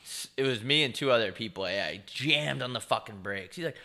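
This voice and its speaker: A man's voice: medium pitch, lively intonation, brisk, sharp tone. A young man co-hosting a podcast, telling stories in a laid-back, profane way and mimicking other people's voices. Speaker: podcast co-host. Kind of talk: casual chat.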